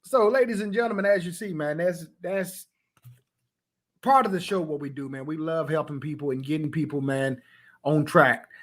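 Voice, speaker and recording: High-voiced talk show host man. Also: normal speed, fairly bright tone. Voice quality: casual, keeps saying "man". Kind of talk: casual talk show chat.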